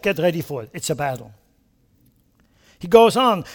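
A male preacher giving an impassioned sermon, speaking straight to the congregation with rhetorical questions and sudden loud emphatic bursts. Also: high-pitched, sing-song, normal speed, long pauses, in a large hall. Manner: impassioned, swinging between quiet asides and loud emphatic bursts.

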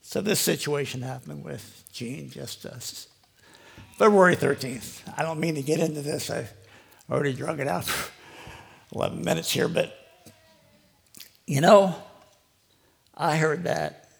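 A man's voice: fairly high pitch, measured pace, gravelly, pauses often, slightly rough. An older man giving a rambling, conversational personal testimony to a live audience, heavy with "you know". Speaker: lay preacher giving a testimony.

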